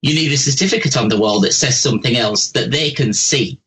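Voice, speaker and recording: A man giving callers blunt, animated psychic readings on live call-in radio. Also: mid-range voice, fairly quick, slight background noise, rough recording. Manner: blunt, chatty, animated, says "bugger off", "bloody", "love", "posh".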